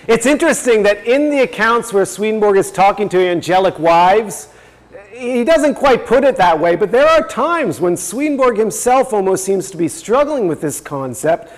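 A man's voice: high voice, very animated, normal speed, big-room sound. A man giving a religious teaching talk, explaining step by step and reading passages aloud. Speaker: presenter.

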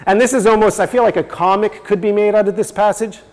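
A man's voice: high voice, fairly even intonation, fast talker, darkish tone, in a large hall. A man giving a religious teaching talk, explaining step by step and reading passages aloud. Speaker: presenter.

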